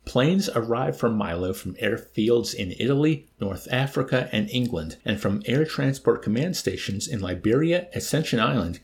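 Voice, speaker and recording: A man reading a novel aloud in an animated way, now and then laughing and adding amused asides. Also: medium pitch, creaky. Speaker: reader.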